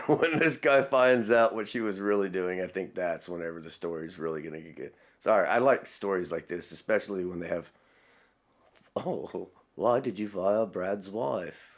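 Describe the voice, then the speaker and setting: A man hosting a casual reaction video, laughing often and rambling between remarks. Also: sits low. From Texas.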